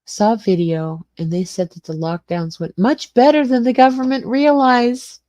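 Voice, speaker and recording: In a casual livestream from her little garage suite, an older woman greets viewers by name and rambles her way through the chat. Her voice is a little high yet dark in tone, steady and at normal speed, in a dry recording.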